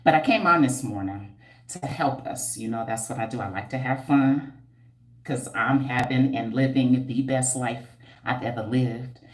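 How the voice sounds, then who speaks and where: Here a hair care entrepreneur hosts a loose livestream, her bass voice moving at a moderate pace through a reverberant space. She teases in blunt slang while going through viewer comments, preachy and lively, with squeals and laughter breaking in again and again.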